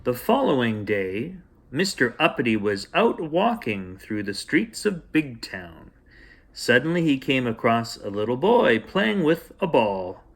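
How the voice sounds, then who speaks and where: Man, bedtime storyteller, playful gentle reading, lively melodic pitch, mid voice. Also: unhurried. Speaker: storyteller host. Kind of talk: bedtime story read aloud.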